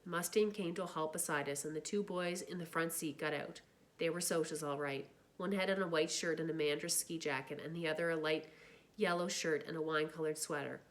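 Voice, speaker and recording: A woman reading a novel aloud in steady, plain narration. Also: sits low, brisk. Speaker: reader.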